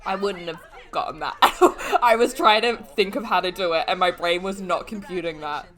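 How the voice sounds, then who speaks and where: A woman's voice: lowish voice, moderate pace, a bit bright. A woman giving casual rewatch commentary, giggly and gushing, laughing often. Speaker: reaction video host.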